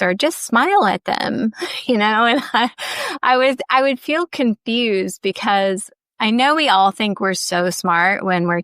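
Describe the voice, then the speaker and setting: A woman's voice: medium pitch, creaky, a bit bright, dry recording, clean studio sound. A woman from Ohio hosting a podcast, sharing personal stories candidly, often saying "like" and laughing lightly. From Ohio, USA. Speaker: podcast host. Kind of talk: reflective personal storytelling.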